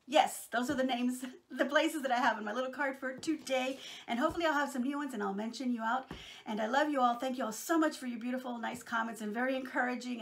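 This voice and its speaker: Middle-aged Texan woman, crafting vlogger; chatty, affectionate, fry in the voice. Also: high-pitched. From Texas, USA. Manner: chatty and affectionate, rambling with many fillers. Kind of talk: casual chat to viewers.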